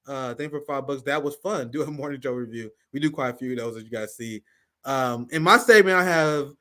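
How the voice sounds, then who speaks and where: A man with a fairly high voice hosts a political livestream. He talks in a heated, blunt way, swears freely, and reads out viewer donations. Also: bright, forceful tone. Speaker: host. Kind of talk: live-stream political commentary.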